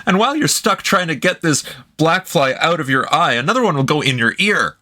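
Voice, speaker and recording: Jokey, ranting man with a bright voice. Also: fairly high pitch, lively intonation, fairly quick. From Canada. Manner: jokey, ranting, acts out quoted phrases. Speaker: reaction video co-host. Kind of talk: casual reaction commentary.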